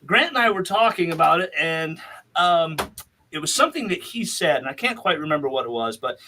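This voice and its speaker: A man's voice: on the high side, animated, fairly quick, pushed and bright, a little hiss or hum. A man hosting a podcast, chatting casually in a rambling way and laughing often. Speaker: podcast host.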